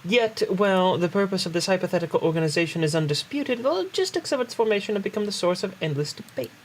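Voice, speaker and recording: A man's voice: sits high, lively intonation, quick pace, a little hiss or hum, rough recording. A man reading game dialogue aloud as an earnest, formal young male statesman, in a mock-solemn way.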